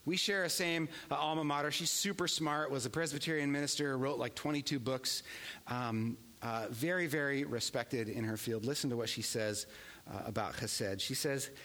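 A man preaching a sermon, earnest and emphatic, swinging between hushed and raised passages. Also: mid-range voice, long reverb tail. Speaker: pastor.

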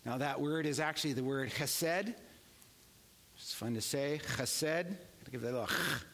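A man preaching a sermon, earnest and emphatic, swinging between hushed and raised passages. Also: mid-range voice, fast, long reverb tail. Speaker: pastor.

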